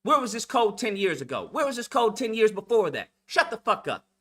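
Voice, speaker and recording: Man, high-pitched, bright edge; hosts a blunt, profane lecture-style rant. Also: big pitch swings, a little fast. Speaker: channel host. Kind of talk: heated monologue rant.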